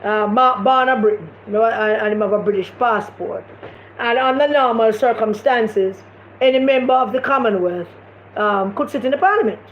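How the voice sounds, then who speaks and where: A woman's voice: a little high, moderate pace. A woman with a Jamaican accent giving impassioned political commentary on a live stream, repeating her points with emphasis. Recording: echoey room, dull lo-fi sound, faint noise.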